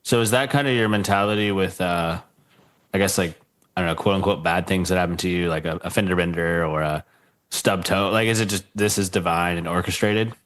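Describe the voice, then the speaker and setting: A man's voice: deep voice, fairly quick, a bit bright. A man hosting a podcast interview, talking casually with a lot of fillers and reactions. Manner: casual, laughs often, many fillers like dude and uh. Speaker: podcast host. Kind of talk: conversational interview.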